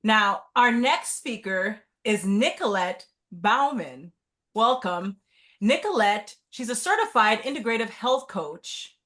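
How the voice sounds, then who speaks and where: A woman's voice: a little high, very animated, a bit bright. A woman hosting a conference, thanking and introducing speakers. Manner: slow, deliberate. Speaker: conference host.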